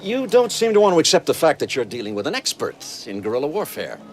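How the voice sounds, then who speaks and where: An actor playing a stern middle-aged army colonel, speaking in a measured, grave warning tone. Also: male voice, on the high side, wildly swooping pitch, slight background noise.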